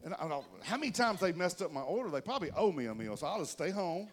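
This pastor talks fast in a high-pitched voice, delivering a chatty sermon full of folksy stories aimed directly at the congregation. His delivery is lively, getting louder and softer to stress his points.

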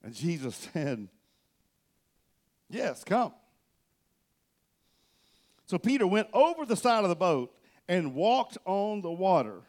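A male pastor preaching a sermon from a church stage, telling the story with animation and swinging between loud and soft. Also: sits high, sing-song, normal speed.

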